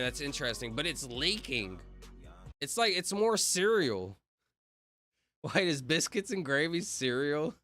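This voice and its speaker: A man's voice: medium pitch, bright, forceful tone. A man casually chatting on a livestream, rambling and joking while reading viewer comments aloud. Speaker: streamer.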